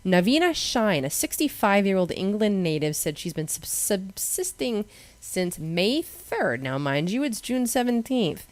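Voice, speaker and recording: A woman's voice: mid-range voice, sing-song, a little slow, no echo. A woman with a Boston accent, co-hosting a casual talk show, reading odd news stories with sarcastic asides. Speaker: radio show co-host.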